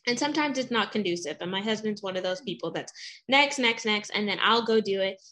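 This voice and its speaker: A woman's voice: medium pitch, expressive, a little fast, a bit bright. A woman hosting and coaching, chatting eagerly and telling everyday stories. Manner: enthusiastic, tells anecdotes. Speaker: host and coach. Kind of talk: casual chat.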